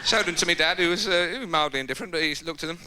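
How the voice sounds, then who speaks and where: A man doing a live stand-up routine on a theatre stage, lively and jumping into quoted voices and shouts. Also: on the high side, very fast. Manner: animated, jumps into shouted impressions and quoted voices. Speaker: stand-up comedian. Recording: loud background noise, live theatre recording.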